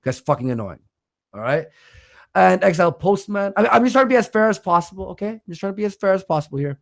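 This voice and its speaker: A man hosting a livestream, reading out donations in blunt, swear-heavy casual chat, with a stutter and a voice roughened by smoking. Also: high-pitched, lively intonation, fast talker. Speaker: livestream host.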